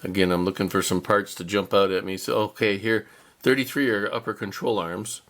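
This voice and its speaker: Gravelly low-voiced man unboxing a kit. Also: fairly even intonation, fairly quick, fairly bright tone. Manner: rambling, chatty, self-deprecating with chuckles. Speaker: model car kit reviewer. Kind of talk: casual unboxing narration.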